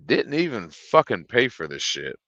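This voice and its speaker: Gravelly, animated man telling a story. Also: lowish voice, moderate pace, no echo, lo-fi sound. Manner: profane, animated, blunt. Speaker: streamer. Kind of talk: casual storytelling.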